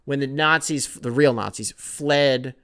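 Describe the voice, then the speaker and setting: Young male podcast host, casual comedic rant, profane, smooth mid-pitched voice. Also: a little slow, fairly bright tone. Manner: profane, rambling, jumps into mocking quoted voices.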